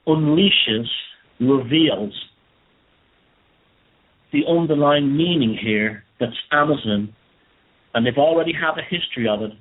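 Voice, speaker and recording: A man delivering an indignant monologue commentary, speaking conversationally and hammering key words. His voice is husky and a bit breathy. The sound is narrow and tinny, like a phone line. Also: fairly high pitch, unhurried, pauses often. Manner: indignant and conversational, with repeated emphasis. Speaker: commentator host.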